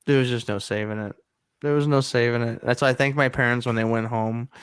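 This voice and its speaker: A man's voice: mid-range voice, fairly even intonation, fairly quick, clean tone, dry recording, clean studio sound. A man in his thirties telling a long rambling story in a casual podcast chat, laughing often. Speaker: podcast co-host.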